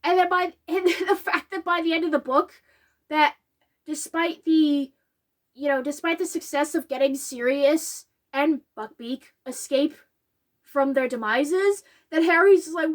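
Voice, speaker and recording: A woman with a high voice shares a casual, heartfelt reflection on a film. She talks with real animation and slips into quoted lines. At times she sounds close to tears. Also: measured pace. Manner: animated, acts out quotes in a higher voice; emotional, gets choked up. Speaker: video essayist.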